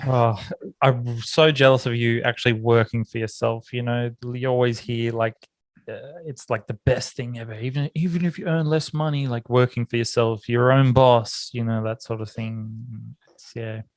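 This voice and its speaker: An Australian man co-hosting a podcast, chatting casually with a mate and telling stories in an animated way. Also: normal speed, dry recording. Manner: animated storyteller, rises in pitch when excited. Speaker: podcast co-host. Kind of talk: casual chat between mates. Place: home office.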